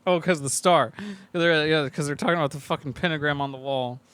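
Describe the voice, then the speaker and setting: A man's voice: fairly high pitch, fairly quick, a bit bright, smooth. A man co-hosting a podcast, casually recapping a movie and swearing a lot while acting out characters' lines. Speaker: podcast co-host.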